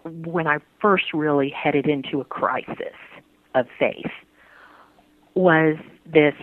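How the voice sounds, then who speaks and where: A woman recalls a painful time in her faith life, earnest and halting. She restarts her sentences often, and her voice comes through a tinny, dry phone line. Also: low-pitched, no echo. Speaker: interviewee. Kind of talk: personal faith interview.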